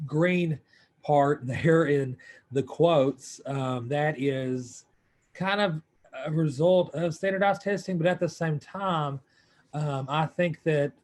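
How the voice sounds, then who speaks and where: A man in a video-call meeting giving his view, thinking aloud with restarts and hesitations. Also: a little high. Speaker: meeting participant. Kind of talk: online group meeting discussion.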